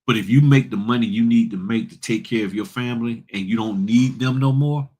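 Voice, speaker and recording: A man's voice: medium pitch, a little fast, darkish tone, husky. A middle-aged man hosting a casual livestream, talking bluntly and preachily to his viewers in slangy speech. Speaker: notary business host.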